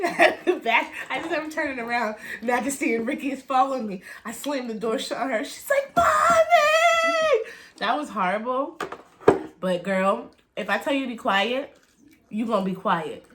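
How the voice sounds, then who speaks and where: A woman's voice: on the high side, moderate pace, very noisy. A young adult woman chatting casually in a storytime vlog, retelling events dramatically with gasps and laughter. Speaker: vlogger telling a story.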